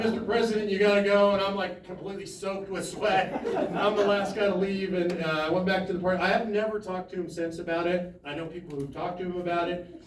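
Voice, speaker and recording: A man with a fairly high voice tells an animated story to a town hall crowd, acting out the other people's lines and laughing along the way. He is picked up from across an echoey hall. There is a faint hiss of room noise behind him. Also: far from the mic. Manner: animated anecdote with laughs and quoted dialogue. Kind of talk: storytelling to an audience.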